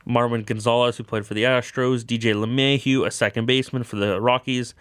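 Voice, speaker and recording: A young man hosts a sports talk show in a casual monologue, rambling through baseball news, correcting himself along the way and saying "of course" a lot. His voice is medium-pitched, brisk and a bit bright, with fairly even intonation. The tone is clean, studio quality, with no room sound.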